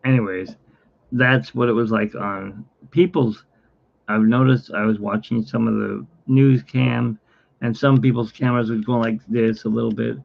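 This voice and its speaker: Gravelly man chatting about his cat. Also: fairly even intonation, moderate pace. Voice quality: gravelly, husky. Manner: rambling, talks to his cat, often drops to a low, quiet voice. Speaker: vlogger. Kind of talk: casual chat to camera. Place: home, indoors. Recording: dull lo-fi home recording.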